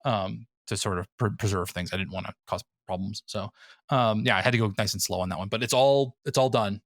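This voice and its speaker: A man's voice: on the low side, brisk, no room sound, clean studio sound. A man hosting a podcast in casual chat, rambling with many fillers and frequent laughs. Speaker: podcast host.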